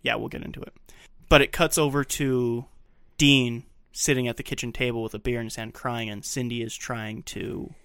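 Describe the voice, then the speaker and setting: A man's voice: medium pitch, steady tone, normal speed, fairly bright tone, clean tone, no room sound. Dry-voiced man recapping a film. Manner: recaps scenes and shares behind-the-scenes fun facts. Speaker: podcast co-host. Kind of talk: casual film discussion.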